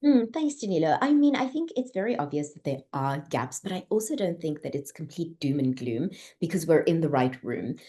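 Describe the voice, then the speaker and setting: A woman speaking as a panelist over a video call, explaining her points clearly with rhetorical questions. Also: sits low, sing-song, fairly quick, hardly any pauses, mellow, a little hiss or hum. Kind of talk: panel discussion.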